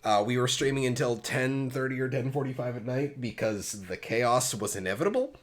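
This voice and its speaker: A Pennsylvania man hosts a casual gaming podcast in a brisk, mid-range voice with lively intonation. He rambles, jokes and pokes fun at himself while passing the conversation around.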